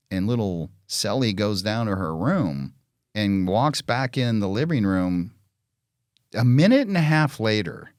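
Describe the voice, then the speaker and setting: A blunt, foul-mouthed middle-aged man in casual podcast chat, with a low voice that rises and falls widely as he tells stories. He slips into little parent and child voices along the way. The sound is dry and close, with no room around it. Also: dry recording. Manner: blunt, profane, animated storytelling.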